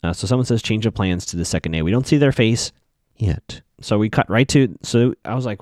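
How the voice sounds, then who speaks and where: A man's voice: lowish voice, lively intonation, fast talker, a little mellow, no echo, clean studio sound. A man casually recapping a TV episode, chatting to viewers he calls folks.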